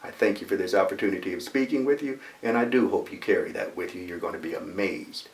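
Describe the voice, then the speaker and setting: A man's voice: sits low, quick pace. Man in his sixties telling a story in a roomy hall. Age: 60s. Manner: animated storyteller with emphatic repetition. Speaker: motivational speaker. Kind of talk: personal storytelling speech. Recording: roomy echo, mic far off.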